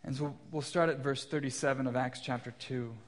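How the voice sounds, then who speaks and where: This man in his thirties talks fairly quickly in a steady, mid-range voice. He's a pastor giving a sermon in a church sanctuary, lightly joking at his own expense while telling stories about his young kids.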